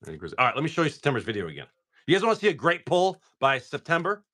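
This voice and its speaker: Man, live stream host, upbeat, bright crisp tone. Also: fairly high pitch, huge pitch swings, very fast. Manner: upbeat, thanks viewers by name. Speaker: livestream host opening card packs.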